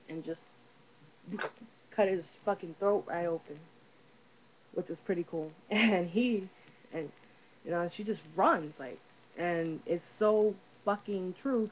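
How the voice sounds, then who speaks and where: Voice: mid-range voice, a little hiss or hum, rough recording. A casual movie reviewer talking through a film's plot in a rambling, profane way, full of fillers.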